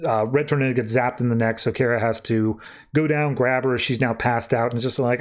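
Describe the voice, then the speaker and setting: A man's voice: mid-range voice, steady tone. A man hosting a podcast, casually recapping comic issues in a loose, offhand way. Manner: recaps scenes loosely, tossing in quick offhand voices for characters. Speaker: podcast host.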